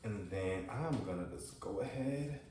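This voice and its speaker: A man hosting a casual cooking vlog, chatty and calling his viewers y'all, sinking to low murmurs as he tastes the food. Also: lively intonation, unhurried, a little mellow, slight background noise. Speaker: cooking show host. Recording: very echoey room, far from mic, music behind.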